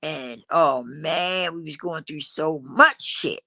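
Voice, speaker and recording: Woman chatting loosely in a dry, bright voice. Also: low voice, slow pace, creaky, no room sound. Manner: loose, preachy, sings snatches of a song. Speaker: livestream host. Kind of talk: casual livestream chat.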